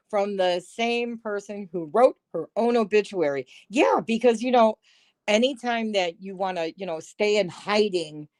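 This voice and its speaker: Slow-talking woman with a dry, close sound. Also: medium pitch, darkish tone, no echo. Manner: chatty, laughs often, sarcastic asides. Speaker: livestream host. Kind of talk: casual live-stream chat. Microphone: phone microphone.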